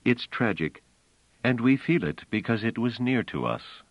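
A man voicing a proud, touchy superstitious woman, speaking slowly and emphatically. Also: medium pitch, sing-song, dry recording, voice pushed up. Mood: solemn. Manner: tense, emphatic, slow deliberate delivery. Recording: slightly dull, dry audiobook recording.

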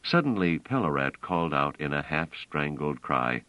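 A man narrating a science fiction audiobook in an expressive storytelling manner. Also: extremely low pitch, moderate pace, hardly any pauses, no echo. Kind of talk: scripted narration. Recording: dull, dry audio.

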